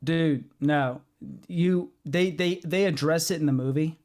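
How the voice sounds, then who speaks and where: A man hosts a casual comics podcast, making his points firmly and at length with plenty of ums and uhs. His fairly high voice is a little mellow and moves at a measured pace.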